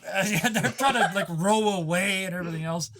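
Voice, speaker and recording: A man's voice: high voice, a little fast, pushed and bright. A man narrating as game master of a tabletop game, loose and improvised, often laughing.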